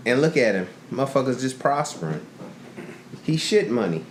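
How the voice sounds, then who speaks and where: Animated profane man in a roomy room. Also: mid-range voice, moderate pace. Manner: profane, animated storyteller acting out quotes. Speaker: podcast co-host. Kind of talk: casual chat, storytelling. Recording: roomy echo, faint noise.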